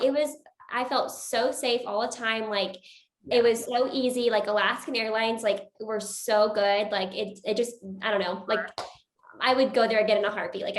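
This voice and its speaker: A woman's voice: on the high side, echoey room, a little hiss or hum. A woman guest photographer in casual chat, talking in a chatty way with frequent laughs and lots of filler "like"s.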